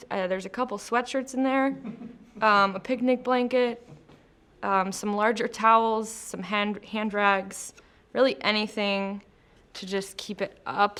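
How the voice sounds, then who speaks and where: Chatty woman with a gravelly edge. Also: medium pitch, pushed and bright. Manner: chatty, laughing, filler-heavy. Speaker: post-production traffic manager, interview guest. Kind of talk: casual interview answers. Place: company studio.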